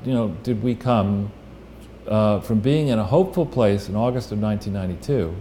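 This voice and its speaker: A man's voice: on the low side, a little fast, warm tone, slight background noise. A man giving casual political analysis as a guest, talking bluntly with restarts and the odd profanity.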